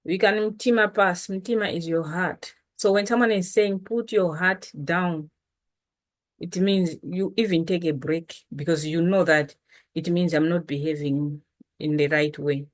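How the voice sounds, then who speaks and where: Low-voiced woman teaching casually. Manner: relaxed, chatty, slow after lunch. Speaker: language teacher. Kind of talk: casual language lesson.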